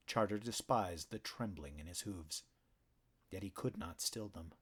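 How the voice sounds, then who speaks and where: Male audiobook narrator, low husky voice, slow and expressive. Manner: low, measured, dramatic storytelling.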